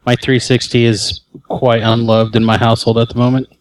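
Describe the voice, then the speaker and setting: Guy guesting on a podcast, deadpan jokes, mid voice, dry sound. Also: medium pitch, fairly quick, dry recording. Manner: deadpan, joking. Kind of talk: casual podcast chat.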